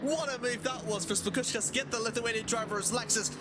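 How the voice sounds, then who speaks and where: A man with a high voice co-commentates a live sim race, calling overtakes in quick play-by-play with excited bursts. Music plays clearly in the background.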